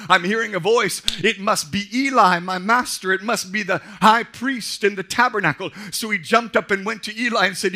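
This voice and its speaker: A man with a bright high preaching voice. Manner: builds from quiet storytelling to shouted calls for response. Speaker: pastor. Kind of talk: sermon.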